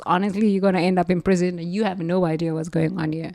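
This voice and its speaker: A woman from the United States, a former nun, telling a spiritual story in an emphatic, animated way. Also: fairly low pitch, fast talker, hardly any pauses. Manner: animated, emphatic, laughs between lines.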